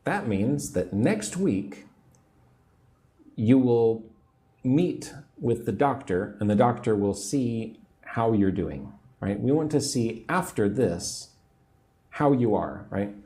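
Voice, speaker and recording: An American man in his forties teaching English on a livestream, slowly repeating phrases and drilling pronunciation. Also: mid-range voice, animated, dark tone. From United States. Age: 40s. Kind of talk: livestream English lesson, reading viewer comments.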